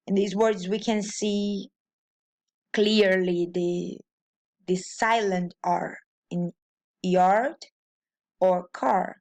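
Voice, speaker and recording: Slow, halting Brazilian woman teaching. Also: medium pitch, fairly even intonation, darkish tone. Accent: Brazilian Portuguese. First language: Portuguese. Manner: halting, with frequent restarts and fillers. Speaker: language teacher. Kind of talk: explaining pronunciation and grammar.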